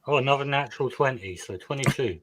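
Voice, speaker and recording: Guy player at the table, mid pitch, wry and casual. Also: fast talker, very noisy. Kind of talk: tabletop game play.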